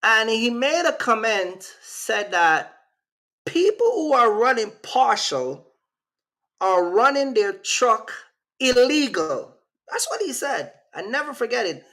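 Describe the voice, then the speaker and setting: Gravelly Jamaican man chatting on stream. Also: extremely high pitch, big pitch swings, takes it slowly, bright, forceful tone. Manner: rambling, slangy, reacts to live chat. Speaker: channel host. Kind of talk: casual livestream chat.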